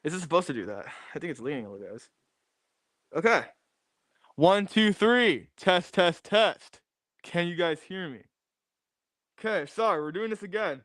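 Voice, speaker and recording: This young man's voice is high and sing-song, moving at a moderate pace with long pauses and a slightly bright quality. Streaming casually from his garage as he configures a new desk mic, he keeps restlessly repeating himself; the recording is echo-free and studio quality.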